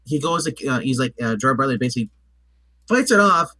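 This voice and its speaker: A man talks through a film in loose, rambling chat, stacking fillers and restarting his sentences. His voice is bright and clear. The sound is dry and close, with no room echo. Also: medium pitch, lively intonation, fast talker. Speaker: movie review co-host. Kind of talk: casual chat.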